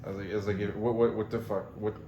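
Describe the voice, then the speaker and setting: A man's voice: lowish voice, flat delivery, fast, warm tone, echoey room, highs cut off, a little hiss or hum. A man co-hosting a podcast in casual chat, laid-back and swearing, laughing along with his friend. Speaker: podcast co-host.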